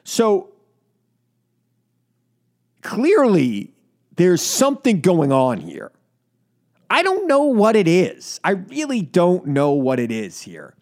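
Radio talk guy ranting, high animated voice, repeats himself for punch. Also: slow pace, long pauses. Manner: indignant, emphatic, repeats for effect. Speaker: radio talk show host. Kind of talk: political radio monologue.

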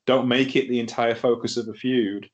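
A man's voice: mid-range voice, fairly even intonation, moderate pace, lo-fi sound. Chatty man reviewing wrestling. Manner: chatty, laughs often, wry. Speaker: podcast host. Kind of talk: casual wrestling review chat.

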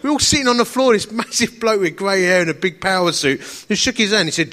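A man's voice: high voice, big pitch swings, fast, hardly any pauses, sharp tone. A middle-aged man with a slight lisp on some words, preaching a sermon in an enthusiastic, chatty storytelling way.

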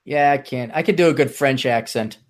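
A podcast host in loose, joking conversation reads a news article aloud. The delivery is mocking and breaks into laughter, at a mid pitch. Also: brisk. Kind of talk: casual podcast chat and reading news aloud.

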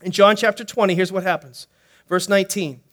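A male pastor preaching a sermon in an animated, playful way, joking and asking the congregation questions. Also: high voice, a little fast. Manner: animated, playful preaching with jokes and acted-out quotes.

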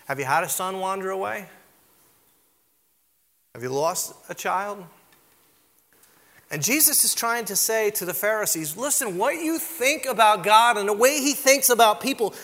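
A middle-aged pastor preaching with a high, bright, ringing voice, carried by the long reverb of a large hall. He tells stories about himself in a loose, conversational way and keeps checking in with listeners. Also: creaky. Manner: conversational, self-deprecating storytelling with frequent "right?" asides. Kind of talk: sermon with humorous stories.

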